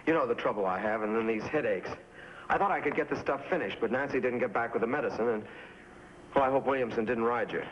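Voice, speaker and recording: An actor playing an anxious, irritable male cartoonist who complains about his health and flares into shouting in a 1950s TV drama. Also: medium pitch, lightly acted. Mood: complaining. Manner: complaining, quick to anger, shouting at times. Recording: dull old TV soundtrack with faint hiss.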